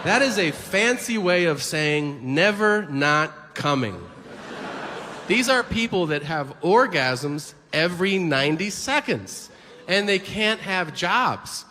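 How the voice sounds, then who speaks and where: A man performing a crude, animated stand-up routine on stage, acting out the people in his stories. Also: high-pitched, takes it slowly. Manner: animated, crude storytelling with acted-out quotes. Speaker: stand-up comedian. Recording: reverberant hall with ambient noise.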